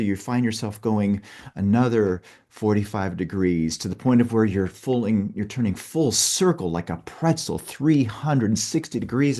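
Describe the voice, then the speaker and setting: A man facilitating a workshop takes a participant through a group exercise with step-by-step guidance, sprinkling in "okay" as he checks in. He has a mellow, mid-range voice and speaks at a normal speed, in an instructive way.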